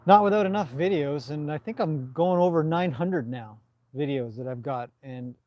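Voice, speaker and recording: A man with a Canadian accent, hosting a casual live stream and reading out viewer comments in a relaxed, rambling way. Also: a little high, dry recording. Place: outdoors at a stable in the evening.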